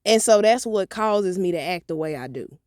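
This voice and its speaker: A woman's voice: medium pitch, normal speed, no echo, studio quality. Blunt, cursing woman vlogger. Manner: animated, profane, blunt storytelling. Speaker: motivational vlogger. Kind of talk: storytime vlog.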